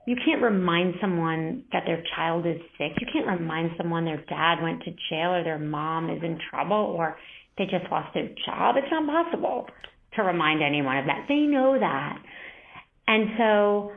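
Earnest woman, phone-like sound. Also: on the low side. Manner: earnest, reflective, measured. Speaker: interview guest. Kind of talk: candid interview talk. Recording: band-limited phone-like sound.

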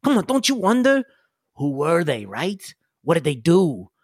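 A man voicing an excitable tailed alien mechanic. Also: fairly high pitch, measured pace, dry recording, studio quality, exaggerated voice. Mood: rambling. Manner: excitable, rambling, drawling slang. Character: eager male tailed alien mechanic, restless. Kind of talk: tabletop game narration.

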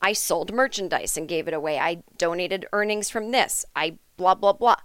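A woman's voice: fairly low pitch, moderate pace, fairly bright tone, clear, resonant tone, dry recording. A woman hosting a comedic podcast, ranting in a sarcastic, indignant and profane way. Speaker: podcast host. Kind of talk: comedic rant monologue.

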